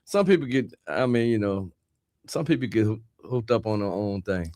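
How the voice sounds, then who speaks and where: A man taking part as a guest in a casual call-in conversation, laid-back and quick to agree with the host. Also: fairly low pitch, lively intonation, a little mellow.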